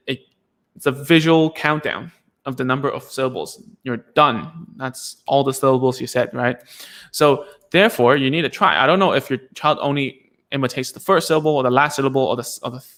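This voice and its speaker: A man's voice: mid-range voice, a bit bright. Guy speech therapist chatting thru a live lesson, laughs at himself, lots of um and like. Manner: chatty, self-deprecating, many fillers and restarts. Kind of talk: casual live teaching Q&A.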